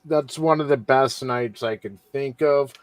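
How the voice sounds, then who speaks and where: A man's voice: medium pitch, measured pace, a crowd in the background. A man hosting a casual wrestling podcast, commenting on a story and closing out the show. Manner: easygoing, wraps up the show. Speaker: podcast host. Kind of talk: casual chat and show sign-off.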